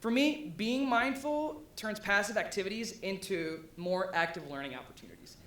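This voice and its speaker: A man's voice: moderate pace, fairly bright tone. A young man from Ohio giving a casual presentation to an audience, talking conversationally with lots of ums and likes. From USA (Ohio). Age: young adult. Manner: conversational, with frequent ums and likes and rising asides. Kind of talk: casual live presentation talk. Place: event venue before an audience. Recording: echoey room with faint rumble.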